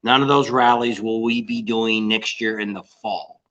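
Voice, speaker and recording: A man's voice: lowish voice, steady tone, normal speed, a bit bright. An older man chatting casually on a livestream with his wife, joking, teasing and rambling on a dull, lo-fi recording. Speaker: co-host.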